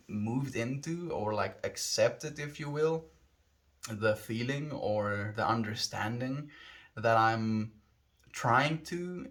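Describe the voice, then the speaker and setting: The voice is lowish and a bit bright: a livestreamer from South Africa, with a South African accent, casually chatting to stream viewers. He rambles, reflects and frequently corrects himself mid-sentence.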